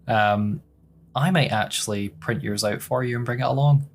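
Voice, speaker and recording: A young Scottish man, the show's regular host, now answering questions in a candid, casual chat, laughing often and filling pauses with "um". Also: medium pitch. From Scotland. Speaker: podcast host being interviewed.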